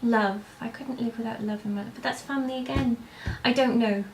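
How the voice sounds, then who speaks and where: A woman's voice: a little high, fairly even intonation, fairly quick, a little hiss or hum. A young woman vlogger answering viewer questions in a casual, rambling way, with lots of hesitations and restarts. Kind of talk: casual chat to camera.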